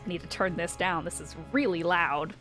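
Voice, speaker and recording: Woman game master, chatty, quick laughs, from Canada, faint music under her. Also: lowish voice, fairly bright tone. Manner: chatty, laughs often between lines. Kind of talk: narrating a tabletop game recap.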